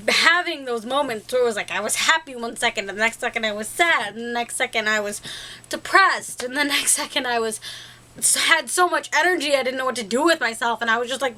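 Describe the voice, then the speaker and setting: Bright-voiced chatty young woman vlogger. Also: on the high side. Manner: chatty and rambling, laughing often. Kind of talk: casual talk to camera.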